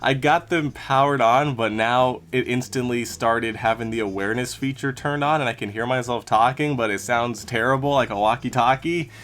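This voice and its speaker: A man's voice: medium pitch, normal speed, hardly any pauses, a bit bright, slight background noise. A man giving a casual unboxing and review, talking through each step as he handles the product.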